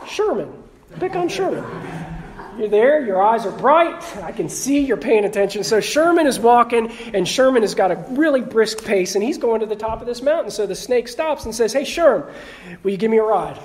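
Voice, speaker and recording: A man's voice: extremely high pitch, expressive, moderate pace. A male pastor giving a conversational sermon in a church, calling on people in the pews by name and asking them questions. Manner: conversational, calls on the congregation with questions and jokes. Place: church sanctuary.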